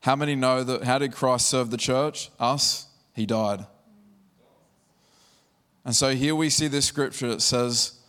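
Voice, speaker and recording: A man preaching to a church congregation. His delivery is conversational, and he pauses now and then to read scripture aloud before he explains it. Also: mid-range voice, fairly even intonation, a bit bright. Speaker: pastor. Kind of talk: sermon.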